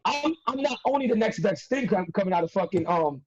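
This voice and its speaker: Husky high-voiced New wrestler. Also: male voice, lively intonation, a little fast. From New York. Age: young adult. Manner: streetwise, emphatic, repeats himself for effect. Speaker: wrestler and podcast guest. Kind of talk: casual podcast interview. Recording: dull lo-fi audio.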